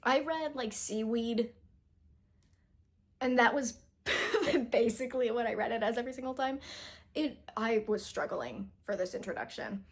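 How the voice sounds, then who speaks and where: A chatty young woman with a fairly high voice reviews a book to camera. She rambles through fillers and restarts, and she trips over words when she reads passages aloud. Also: moderate pace. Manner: chatty, self-deprecating, frequent fillers and restarts. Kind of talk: casual book review chat.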